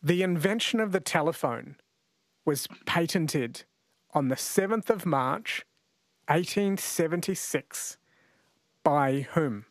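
With a voice on the high side, an Australian radio host runs a quiz show in an animated but slow manner, leaving long pauses. He chats, cracks jokes, and laughs a lot, heard through a studio mic in a dry recording.

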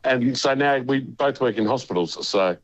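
A man's voice: mid-range voice, moderate pace, highs cut off. A man in his seventies with an Australian accent, calling in to a radio show and chatting in a friendly, easygoing way. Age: 70s. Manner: friendly and easygoing, says mate and righto. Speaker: caller. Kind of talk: casual phone-in chat.

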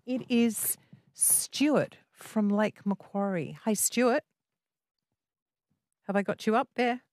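A woman hosting a radio talk show, chatty and quick with questions. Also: mid-range voice. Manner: lively, chatty, jumps in with questions. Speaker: radio host.

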